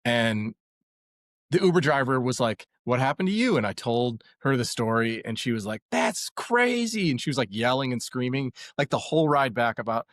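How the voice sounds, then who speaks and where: A young man, a podcast guest, telling a story in a loose, animated way with lots of fillers. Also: mid-range voice, fairly quick, no echo, studio quality. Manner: rambling, animated retelling with many fillers. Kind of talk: casual storytelling.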